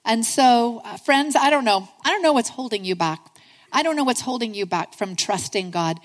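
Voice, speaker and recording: A woman's voice: on the high side, animated, moderate pace, in a large hall. A middle-aged woman giving a sermon, telling a personal story in an earnest, conversational way and calling her listeners friends.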